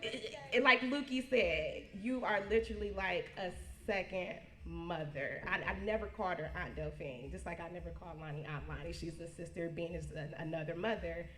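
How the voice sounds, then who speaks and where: A woman, giving a birthday toast as a niece, halting and repeating herself, close to tears. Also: on the low side, a bit bright. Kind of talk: emotional party toast. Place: party hall, indoors. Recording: echoey room.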